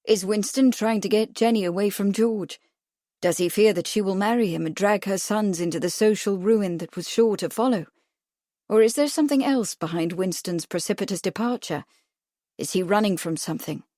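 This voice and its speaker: A woman voicing a quiet, observant woman who speaks in a measured way. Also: mid-range voice, dry recording, studio quality, natural voice.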